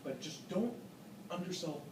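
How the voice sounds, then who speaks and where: A man's voice: high-pitched, animated, unhurried. Encouraging male vocal coach, roomy and distant. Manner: encouraging, explanatory, with frequent "um"s. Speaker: vocal adjudicator. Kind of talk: masterclass critique. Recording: echoey room from a distant mic with background noise.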